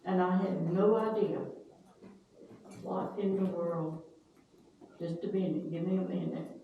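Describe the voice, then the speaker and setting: An older woman in casual family storytelling, slow and folksy, pausing to search for names. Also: lowish voice, fairly even intonation, creaky, narrow, tinny audio. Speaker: family elder telling stories. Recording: echoey room, distant mic, faint hiss.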